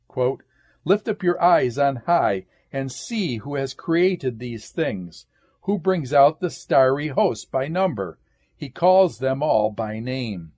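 A man giving a classroom lecture, reading out scripture passages in a measured way and marking each quotation with "quote" and "end quote". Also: mid-range voice, darkish tone.

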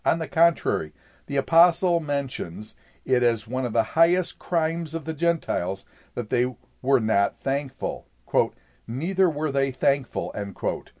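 A man reading an old sermon aloud in a measured, formal way, saying "quote" and "end quote" around scripture passages. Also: medium pitch, lively intonation, a little mellow.

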